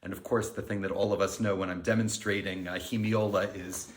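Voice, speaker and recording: A middle-aged man, a music director, giving a pre-concert talk and explaining the music in an unhurried, friendly lecturing way. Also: low voice, little pitch movement. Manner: explanatory, counts beats aloud and sings themes. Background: piano.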